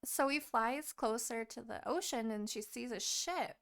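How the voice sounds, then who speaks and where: A woman co-hosting a podcast, retelling a book's plot in casual chat, animated and full of swearing. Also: a little high, a little slow, gravelly. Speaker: podcast co-host.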